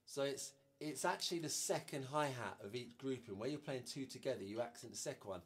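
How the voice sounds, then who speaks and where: A man's voice: mid-range voice, animated, fairly quick, husky. Male drum teacher with a loose, chatty delivery and a mid-range voice, counting beats aloud. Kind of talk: instructional drum lesson.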